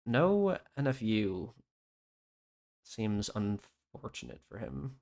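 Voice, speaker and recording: Male host, low voice, relaxed gamer chat, reads rules aloud. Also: slow pace. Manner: reads out game stats and skill text in a laid-back way. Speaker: channel host. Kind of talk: casual game reaction chat.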